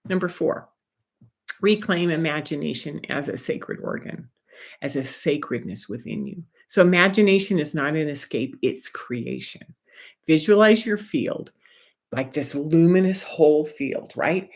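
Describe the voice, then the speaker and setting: A woman talks from home like a spiritual energy guide. Her delivery is soft and meandering, with light asides as she teaches. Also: sits low, a little slow. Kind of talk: gentle spiritual teaching monologue.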